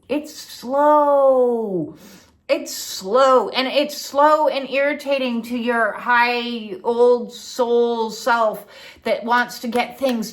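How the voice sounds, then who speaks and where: A woman with a fairly high voice gives a relaxed spiritual teaching talk to her viewers. She is blunt and chatty, swears casually, and keeps checking in with "okay?" as she goes. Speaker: spiritual coach.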